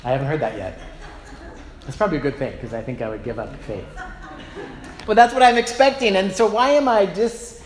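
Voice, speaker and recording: Man, pastor, storytelling sermon, self-deprecating, reverberant sanctuary. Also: medium pitch. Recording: roomy echo, faint background noise.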